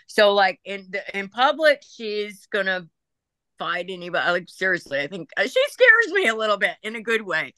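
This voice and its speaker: A woman leading a psychic reading talks in an easy, chatty way, laughing often and relaying what she hears. Her voice is bright and forward. The recording is close and dry. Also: medium pitch, big pitch swings, brisk, no echo. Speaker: psychic medium. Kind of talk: group reading session.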